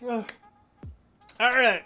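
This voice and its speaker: Slow, bright-voiced playful man. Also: extremely high pitch, fairly even intonation, soft background music. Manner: playful, mock-serious, deliberate. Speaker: podcast co-host, quiz contestant. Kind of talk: casual gaming podcast chat.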